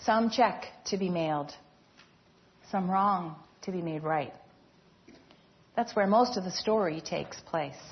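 A woman pastor preaching a sermon, measured and earnest, letting her phrase endings fall soft and low. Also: muffled recording.

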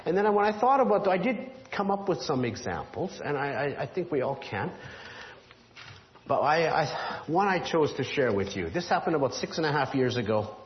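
A man preaching a sermon, retelling a story in an animated, conversational way. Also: a little high, moderate pace, slight background noise. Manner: animated, drops to a hushed voice for the whisper. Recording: dull roomy hall sound.

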